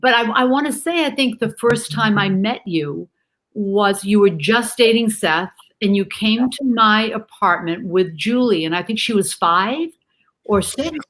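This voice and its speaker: A woman chatting as a guest over a video call from home, animated and affectionate, calling people dear and love. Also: mid-range voice, measured pace, rough recording. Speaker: guest on a livestream talk show. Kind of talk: casual video-call chat. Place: home in Canada.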